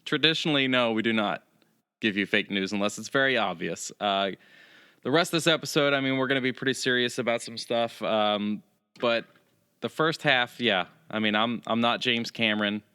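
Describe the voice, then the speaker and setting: A man's voice: medium pitch, normal speed, sharp tone, clean tone, dry recording, clean studio sound. A man co-hosting a podcast, speaking in casual, jokey banter and rambling with many ums. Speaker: podcast co-host.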